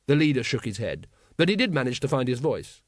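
A male narrator reading fiction in a measured, expressive way, at a middling pitch. The recording is close and dry, with no room sound behind him. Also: no echo. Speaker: audiobook narrator. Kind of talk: scripted narration.

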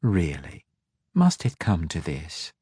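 A man voicing a calm, mocking young girl who holds ancient power, speaking evenly. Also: low-pitched, a little slow, breathy edge, dry recording, clean studio sound, heavily acted. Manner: calm, even, teasing.

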